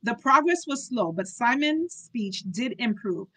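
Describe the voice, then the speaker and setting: A woman's voice: a little high, animated, measured pace, few pauses, a bit bright, poor audio. Woman, young adult, book club host, reading aloud, chatty asides, stumbles. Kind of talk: reading a novel aloud with commentary.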